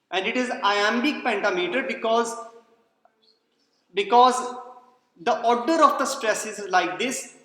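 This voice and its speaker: A man's voice: sits high, fairly bright tone. A man giving a classroom lecture, explaining patiently, repeating key points and checking whether students follow. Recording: echoey hall, long reverb.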